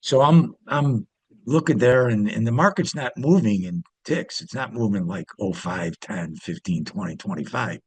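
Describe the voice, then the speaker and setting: Guest: husky man, dry close sound, rambling storyteller with lots of fillers. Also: on the low side, lively intonation, moderate pace, a little mellow, no echo. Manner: rambling, many fillers and restarts. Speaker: interview guest, former pit trader. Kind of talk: casual storytelling.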